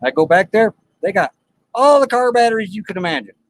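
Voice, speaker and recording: A man's voice: high voice, fairly quick, no room sound, rough recording. A man hosting a live stream from his RV, telling a story in plain, colloquial talk and acting out the dialogue. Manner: animated, acts out dialogue in the story. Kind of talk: casual storytelling to live chat.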